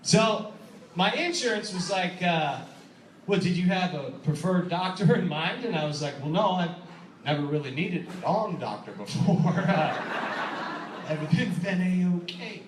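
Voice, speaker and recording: A man performing a stand-up comedy set, telling a story with animated delivery, acting out voices and laughing at his own jokes. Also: high voice, a little slow, recorded from a distance, a little hiss or hum. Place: comedy club stage. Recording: echoey club recording, audience laughter. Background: audience laughing.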